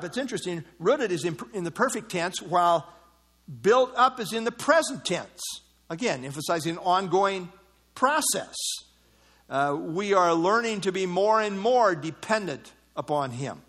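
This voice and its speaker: A man with a notably high speaking voice preaches a sermon. He explains his text word by word, pausing on "uh" fillers. He breaks off into mocking asides. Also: a bit bright. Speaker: pastor. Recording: evening service.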